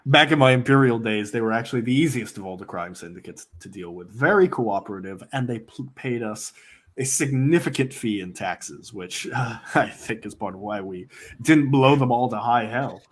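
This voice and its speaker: A man's voice: mid-range voice, expressive, normal speed, breathy edge. A man voicing a polite, faintly threatening male crime boss at a dinner in a tabletop game. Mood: smooth.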